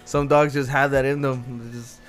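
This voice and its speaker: A man's voice: mid-range voice, flat delivery, moderate pace. Laid-back swearing guy chatting. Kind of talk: casual chat.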